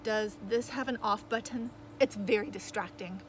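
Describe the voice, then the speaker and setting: A man's voice: high voice, fairly even intonation, moderate pace, a bit bright, a little hiss or hum. A woman voicing a stubborn boy who gives curt, insistent commands. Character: stubborn, calm boy driving a school bus.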